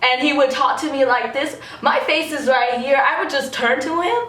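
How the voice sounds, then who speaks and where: A woman's voice: sits high, moderate pace, roomy sound. Giggly young woman telling a story. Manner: animated and giggly, lots of fillers. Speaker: vlogger. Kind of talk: excited storytime chat.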